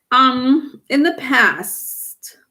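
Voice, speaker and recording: A woman's voice: high-pitched, sharp tone. A woman giving a live-streamed tarot reading, rambling with many fillers and restarts. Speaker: tarot reader.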